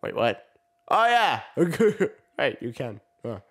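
A man's voice: fairly high pitch, sing-song, takes it slowly, a bit bright, husky. A man hosting a casual gaming video, playful and laughing often as he chats through a match. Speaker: gaming channel host. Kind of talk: casual gameplay chat.

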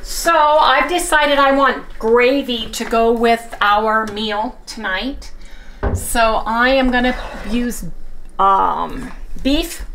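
A woman hosting a casual home cooking demonstration in her kitchen, chatting to viewers as she works and repeatedly saying how excited she is. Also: fairly high pitch, slow, a little hiss or hum. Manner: chatty, talks straight to viewers as "you guys". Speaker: home cook and channel host.

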